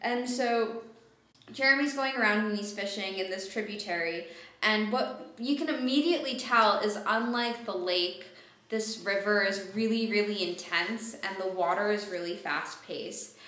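A woman's voice: mid-range voice, moderate pace, fairly bright tone. A woman co-hosting a podcast, chatting casually, laughing often and retelling what happened in the episode. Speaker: podcast co-host. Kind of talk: casual chat. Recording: roomy echo.

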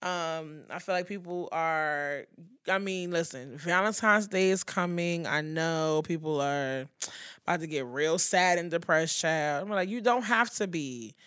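Brief: woman podcast co-host, animated and profane, bright tense tone, dry close sound. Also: medium pitch, dry recording. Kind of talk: casual chat.

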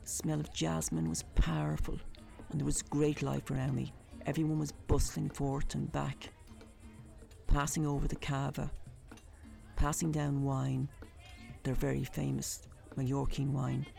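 A woman's voice: sits low, level tone, a little slow, gravelly, dark tone, soft background music. A woman telling a vivid personal story in a conversational, colourful way.

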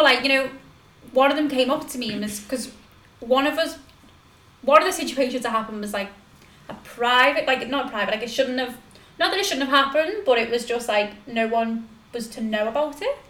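A woman's voice: a little high, fairly quick, a bit bright, echoey room. A young woman hosting a podcast, telling a story in a loose, rambling way with many fillers and restarts. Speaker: podcast host. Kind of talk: casual storytelling chat.

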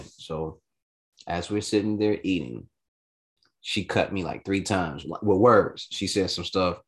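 A man telling a personal story in casual chat, animated and swearing freely, jumping into high voices for quotes. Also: measured pace.

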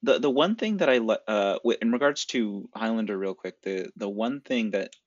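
A man's voice: lowish voice, lively intonation, moderate pace, dry recording. A man co-hosting a casual film podcast, explaining things in detail and at length. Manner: knowledgeable, explains at length about swords. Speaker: podcast co-host. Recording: dry, dull lo-fi sound.

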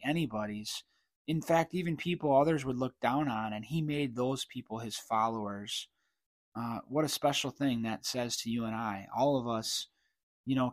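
A man's voice: medium pitch, dry recording. Preaching man, dry and close. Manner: reads scripture then comments conversationally, frequent throat clearing. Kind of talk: Bible teaching sermon.

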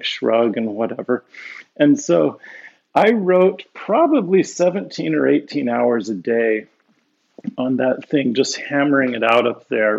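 Guest storyteller, middle-aged man, gravelly and husky, dull lo-fi sound. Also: medium pitch. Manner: animated anecdotes with frequent laughs and restarts. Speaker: guest, professor and author. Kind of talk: conversational storytelling.

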